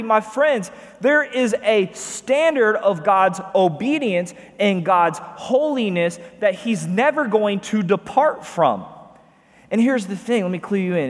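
High-voiced pastor preaching in a reverberant hall. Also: male voice. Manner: conversational preaching with asides and emphatic slowed phrases. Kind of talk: sermon.

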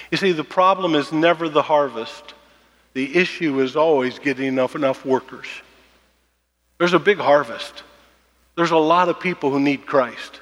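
A pastor preaching a sermon, with emphatic repetition and a slowdown on key phrases. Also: male voice, on the high side, fairly bright tone. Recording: long hall reverb.

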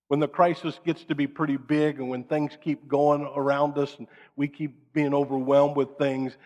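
A middle-aged man preaching a sermon, shifting between raised, acted-out prayers and a quiet hush. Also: medium pitch. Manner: dramatic, acts out prayers and quotes in raised voices, drops to soft hush. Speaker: pastor. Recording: long hall reverb.

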